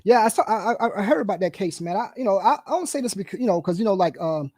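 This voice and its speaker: A man co-hosting a podcast in casual chat, rambling and animated, full of fillers and repeated "bro,". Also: high-pitched, fast, dry recording, studio quality. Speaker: podcast co-host.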